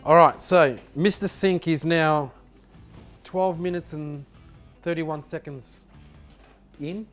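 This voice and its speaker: Aussie bloke ribbing his mate, laughing, chewing while he talks, slightly high voice. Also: steady tone, slow, long pauses, soft background music. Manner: teasing, laughs often, talks with his mouth full. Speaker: friend timing the build. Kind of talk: casual chat.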